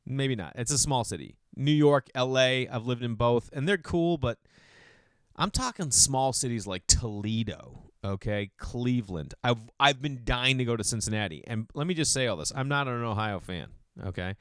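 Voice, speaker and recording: Rambling man from Boston, smooth dry voice. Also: normal speed, no room sound. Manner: rambling, animated, swings between loud acted-out voices and low mumbled asides; swears casually, calls listeners dude. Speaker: podcast host and comedian. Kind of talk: casual comedic monologue.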